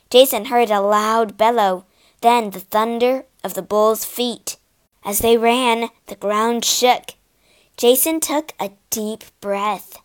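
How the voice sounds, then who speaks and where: A woman narrating a storybook for English learners, reading slowly, clearly and expressively. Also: a little high.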